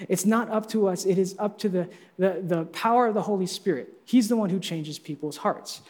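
A male pastor delivers a lively sermon in a fairly high voice. He teases his listeners with energy, and his words ring out with long reverb in a church hall. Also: fairly quick. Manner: energetic, playful teasing of the congregation.

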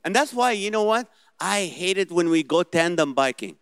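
A middle-aged man with a heavy Middle Eastern accent, telling comedic stories in an animated way and acting out the dialogue. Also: high voice, moderate pace, clean tone, no room sound, clean studio sound. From Middle East. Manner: animated storytelling, acts out dialogue. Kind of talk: stand-up comedy set.

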